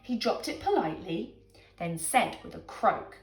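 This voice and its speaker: Slow animated woman reading a bedtime story. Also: mid-range voice. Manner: animated, dramatic storytelling with whispers. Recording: echoey room, faint music.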